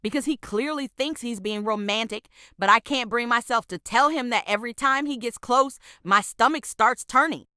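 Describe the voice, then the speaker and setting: Her storytime is scripted, and the woman delivering it is sarcastic and exasperated, speaking at a moderate pace with hardly any pauses in a bright, forceful, slightly high, clean voice. The sound is dry and close-miked, carrying no room sound.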